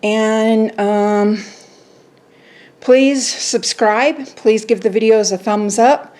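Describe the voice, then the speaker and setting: A woman's voice: on the high side, darkish tone. A woman hosting a casual home sewing vlog, chatting cheerfully with lots of "um" fillers and joking about her own mistakes. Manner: chatty, unhurried, frequent "um" fillers. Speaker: quilting channel host.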